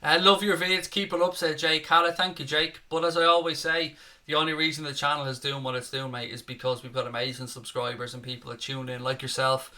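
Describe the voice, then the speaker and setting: A man's voice: a little high, level tone, fairly quick, pushed and bright. A young man with a Dublin Irish accent chatting casually on a live football watchalong, reading viewer comments and swearing freely at his desk. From Ireland (Dublin). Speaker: fan channel co-host running a live match watchalong. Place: home room, at his desk. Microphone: desk setup with webcam.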